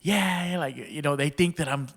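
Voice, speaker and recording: A man's voice: mid-range voice, normal speed, a bit bright. A man from Texas, a stand-up comedian, telling stories casually on a podcast in profane slang and laughing often.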